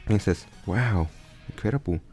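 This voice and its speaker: A man's voice: on the low side, moderate pace, dark tone, breathy edge. A man casually improvising a story aloud, often stumbling and restarting his sentences. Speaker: storyteller retelling a fan crossover story. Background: faint background music.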